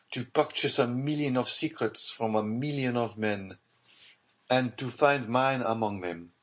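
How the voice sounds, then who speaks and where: A man voicing a haunted aristocratic official in an audiobook, speaking in a grave, hushed, brooding tone. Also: medium pitch, voice pushed up, lightly acted. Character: haunted scheming nobleman, secretive and grave.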